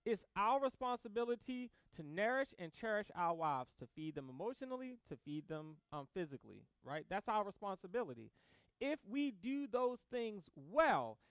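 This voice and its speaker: A man preaching a sermon in a casual, animated way, acting out both sides of conversations and laughing as he tells stories. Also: sits high, smooth, no echo. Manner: casual slang-filled delivery with laughter. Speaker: pastor.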